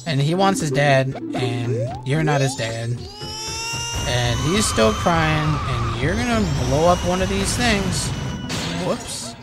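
A man's voice: a little high, lively intonation, slow. A young man casually commenting on a video game as he plays, rambling and joking with lots of swearing. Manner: rambling, profane, jokey. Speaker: game streamer. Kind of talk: casual let's-play commentary. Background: game music.

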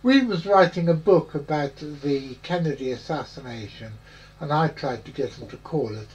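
A man's voice: on the high side, animated, moderate pace, a little mellow, muffled recording. A man hosting a podcast in a rambling, jokey chat full of puns. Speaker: podcast host. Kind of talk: casual chat.

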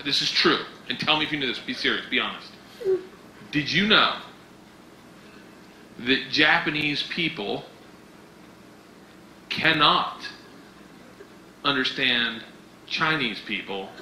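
A man performing a stand-up comedy set, telling a story in an animated way and often shouting. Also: medium pitch, slow pace, pauses often. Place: comedy club stage with audience. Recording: echoey club clip, loud noise.

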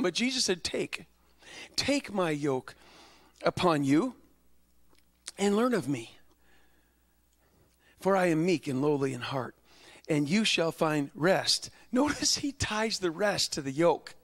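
A man pastor preaching a sermon, building from calm teaching to impassioned, high-pitched climaxes. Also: unhurried, pauses often.

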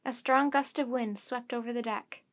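Female storyteller for a kids' chapter book; gentle, measured, slightly high voice. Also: steady tone. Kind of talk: reading a children's book aloud.

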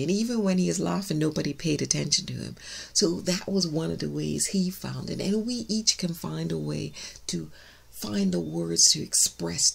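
Woman pastor, emphatic sermon delivery, gravelly husky voice. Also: low-pitched. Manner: emphatic, says she is loud, shouts key words. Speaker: minister.

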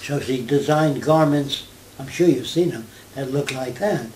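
A man's voice: mid-range voice, a little slow, darkish tone, echoey room, slight background noise, rough recording. Older New York man telling stories. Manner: anecdotal, mimics accents in quotes. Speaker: interviewee. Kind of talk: conversational storytelling.

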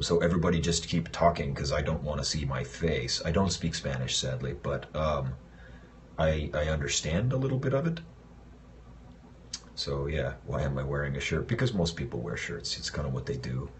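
A man from Los Angeles casually answering fan messages in a livestream, rambling and relaxed with lots of fillers. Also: very deep voice, a little hiss or hum. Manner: laid-back, rambling, loose with fillers. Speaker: actor answering fans.

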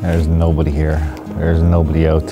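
A man's voice: extremely low pitch, completely flat delivery, normal speed, over loud music. Breathless man hiking in the cold. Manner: laid-back, rambling, self-mocking. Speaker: photography vlogger. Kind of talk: casual vlog commentary. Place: outdoors in winter woods.

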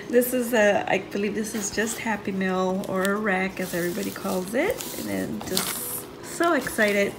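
A woman hosting a casual craft unboxing vlog, gushing with excitement over each item she opens. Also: mid-range voice, moderate pace, hardly any pauses, music in the background, low-quality recording. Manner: gushing, excited, says "so cute" often. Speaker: craft channel host.

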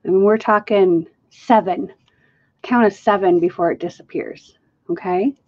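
A woman with a mid-range, darkish voice hosts a live acrylic pouring stream at a measured pace, chatting casually and thinking aloud as she mixes and counts. The sound quality is lo-fi.

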